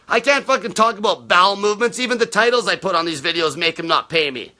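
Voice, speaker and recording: A man's voice: high voice, fast, hardly any pauses, bright, forceful tone. A man hosting a live stream, answering viewer questions in a blunt, combative rant and swearing nearly every sentence.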